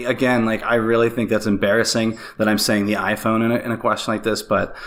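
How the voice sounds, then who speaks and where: Lively low-voiced man, guest on a podcast. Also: fast talker. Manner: animated, many fillers and restarts. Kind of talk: casual interview chat.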